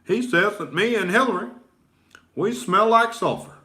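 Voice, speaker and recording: A slow, measured former male president, as a comedian puts him on. The voice is pitched well above the comedian's own and carries a bright, forceful edge. Each word is drawn out deliberately. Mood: mocking.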